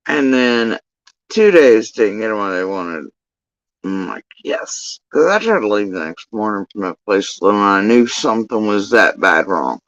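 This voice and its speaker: A man's voice: fairly low pitch, sing-song, measured pace, fairly bright tone, no room sound, muffled recording. A man telling a long story in a casual commentary rant, profane, rambling and exasperated.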